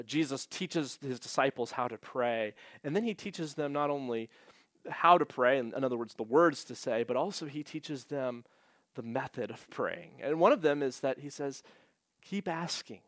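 A male pastor preaching in an earnest, steady way. His voice sits at an ordinary pitch and climbs when he reads scripture aloud. The sound is dry, with little room echo. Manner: slows down to stress key points. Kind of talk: sermon.

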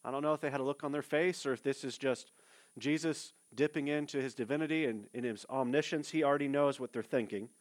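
A man's voice: mid-range voice, fast. A male pastor preaching a sermon, casual and direct, with fillers and asides to the congregation. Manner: conversational preaching with fillers, addresses listeners directly.

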